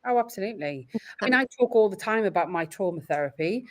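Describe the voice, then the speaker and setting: Her pitch is medium but her pace is quick. She's a middle-aged Welsh mother in a podcast conversation, reflecting openly on parenthood with earnest, expressive storytelling.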